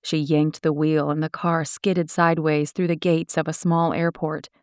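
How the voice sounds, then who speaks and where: Woman, audiobook narrator, low voice, dry close recording, steady descriptive storytelling. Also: normal speed, clean tone, no echo.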